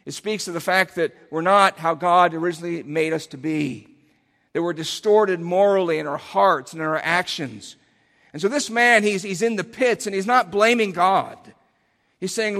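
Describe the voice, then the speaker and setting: A man preaches in a church sanctuary, his voice sitting a little high for a man. He talks earnestly and rises to emphatic cries on his key phrases. A long hall reverb trails behind each line. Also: unhurried, fairly bright tone. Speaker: pastor. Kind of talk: sermon.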